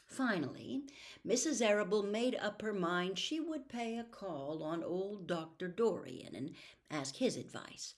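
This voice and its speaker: Expressive woman reading a children's book. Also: mid-range voice, unhurried. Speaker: storybook reader. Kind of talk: children's book read-aloud.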